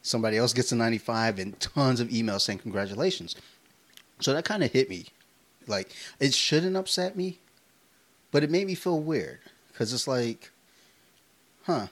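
A man in his thirties co-hosting a podcast, telling stories in a casual, profane, animated way. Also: mid-range voice, moderate pace, pauses often. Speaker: podcast co-host. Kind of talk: casual chat.

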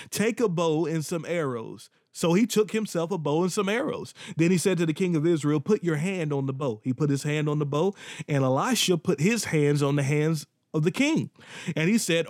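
Man, preacher, earnest sermon delivery, fairly high voice, repeats words for emphasis, dry close sound. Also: expressive, moderate pace, no room sound.

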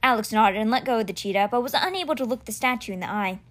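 A woman reading a children's fantasy novel aloud with expressive storytelling. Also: a little high, fast talker. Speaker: audiobook reader.

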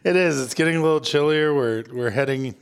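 A man co-hosting a casual podcast chat, animated and quick to laugh. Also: on the high side, gravelly, smooth. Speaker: podcast co-host.

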